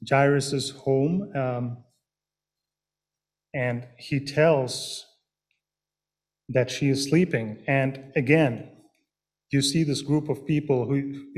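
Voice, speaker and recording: A man preaching a sermon in a slow, earnest way, pausing with fillers and restarting his phrases. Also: mid-range voice, a little mellow.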